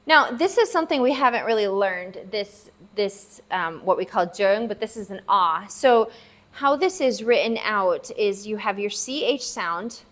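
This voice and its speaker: A woman gives a relaxed vocabulary lesson at an unhurried pace. She sounds out each syllable again and again, stressing it for the learner. Her pitch sits in a middling range. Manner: slow, patient, sounds out syllables repeatedly. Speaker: language teacher. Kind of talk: casual spoken lesson. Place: at a table, writing for the viewer.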